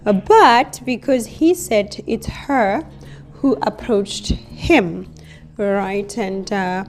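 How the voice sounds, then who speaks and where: A woman hosting an astrology channel, explaining a couple's chart in an unhurried way, often adding "you know" and "right?" as she talks. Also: mid-range voice. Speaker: astrologer host. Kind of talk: explanatory astrology reading to camera.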